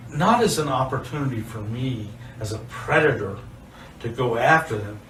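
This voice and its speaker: A man's voice: mid-range voice, expressive, normal speed, fairly bright tone, slight background noise. An older man being confronted, speaking hesitantly and stumbling over repeated words. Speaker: man confronted in a sting video. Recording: roomy distant audio with faint ambience.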